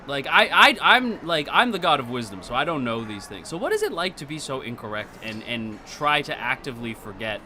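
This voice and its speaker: A man streaming casual chat, excitable and quick to laugh, often restarting his sentences. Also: mid-range voice, background noise.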